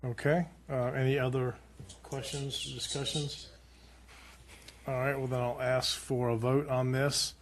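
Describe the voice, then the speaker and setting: Monotone chairman running a board vote. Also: medium pitch, a little slow, slight background noise. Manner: procedural, brief. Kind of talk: chairing a public meeting.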